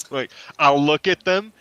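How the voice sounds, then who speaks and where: Brief: male player, teasing, slow-talking, bright voice. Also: a little high, lo-fi sound. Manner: teasing, laughing a lot. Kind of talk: casual tabletop game chat.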